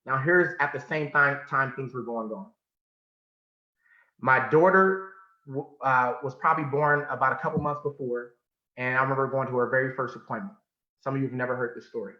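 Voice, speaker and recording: A man from California giving a motivational talk, telling a personal story with emphasis and sudden drops to a hush. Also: medium pitch, a little fast. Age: adult. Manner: emphatic, swinging from loud to hushed, repeats phrases. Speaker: motivational speaker. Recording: muffled sound in an echoey room.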